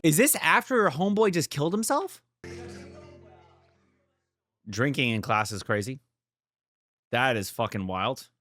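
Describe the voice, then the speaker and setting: A man's voice: medium pitch, expressive, unhurried, long pauses, sharp tone, no room sound, faint music behind. A young man hosting a reaction video, talking casually, blunt and profane, often swearing and getting worked up. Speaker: reaction channel host.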